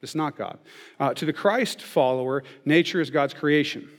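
A man's voice: on the high side, normal speed. Man preaching in a reverberant hall. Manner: conversational, often checks in with "okay?" and "right?". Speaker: pastor. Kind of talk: sermon. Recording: long reverb of a large hall.

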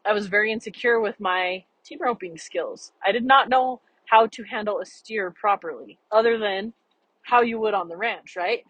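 A woman's voice: mid-range voice, normal speed, fairly bright tone, no echo, muffled recording. A young woman hosting her own podcast, talking earnestly and chattily about ranch life and personal growth. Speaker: podcast host. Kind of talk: solo podcast talk.

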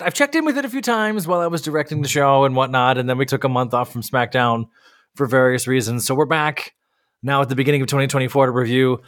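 A man's voice: mid-range voice, fairly bright tone. A man co-hosting a casual podcast, talking in exasperated, ranting bursts. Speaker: podcast co-host. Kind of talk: casual chat.

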